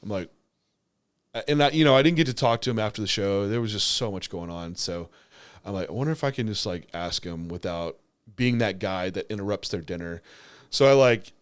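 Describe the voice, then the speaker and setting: A young man on a podcast, talking in a loose, rambling way, full of fillers and false starts. His voice sits a bit low. He speaks as a bodybuilder looking back on a show. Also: fairly quick, clear, resonant tone. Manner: rambling, lots of filler words and restarts. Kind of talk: casual podcast chat.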